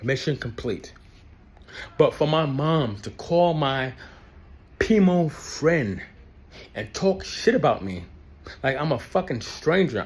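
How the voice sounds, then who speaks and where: A man's voice: fairly high pitch, animated, takes it slowly, long pauses. A young man ranting to camera about his family, angry and profane, repeating himself for emphasis. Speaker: ex-Jehovah's Witness vlogger. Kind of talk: heated personal rant to camera.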